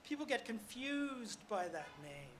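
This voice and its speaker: A man's voice: very high voice, big pitch swings, a little slow, fairly bright tone, slight background noise, poor audio. Older man giving a wry outdoor speech. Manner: wry, self-deprecating humorous storytelling. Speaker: ornithology club past president speaking at a ceremony. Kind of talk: ceremony speech. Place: outdoor street-corner ceremony.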